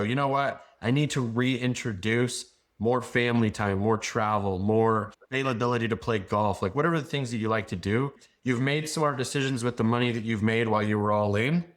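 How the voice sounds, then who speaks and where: A man speaking as a podcast guest in an assured, advice-giving way, his voice sitting at an ordinary middle pitch. He drifts through his points casually, with plenty of "like" and "you know" fillers. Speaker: business founder and guest.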